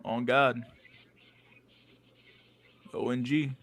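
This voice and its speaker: A man's voice: medium pitch, fairly even intonation, drawn-out words, creaky, fairly bright tone. A man hosting a casual livestream chat, rambling and crude, packed with internet slang. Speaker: livestream host.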